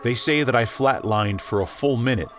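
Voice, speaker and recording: A man's voice: mid-range voice, moderate pace. Man narrating a horror story over music. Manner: emotive, shifting between tense and hushed. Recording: music bed under the voice. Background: background music.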